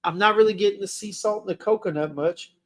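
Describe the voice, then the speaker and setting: A man with a fairly high voice for his sex, hosting a casual livestream review. He talks in a loose, slangy way straight to his viewers and thinks out loud as he goes. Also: fast. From Texas. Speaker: fragrance reviewer, livestream host.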